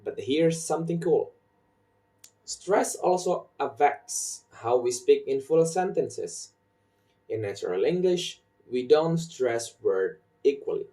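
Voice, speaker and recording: Slow, deliberate young man teaching stress. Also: medium pitch, warm tone, distant mic. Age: young adult. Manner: slow, deliberate, repeats example sentences with marked stress. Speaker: student presenter. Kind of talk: recorded phonology lesson. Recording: voice set back from the mic.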